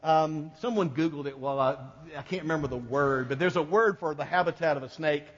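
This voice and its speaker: A man's voice: fairly high pitch, fairly quick. A male pastor preaching a sermon, telling a folksy story and joking with the congregation. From American South. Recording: long hall reverb, dull sound.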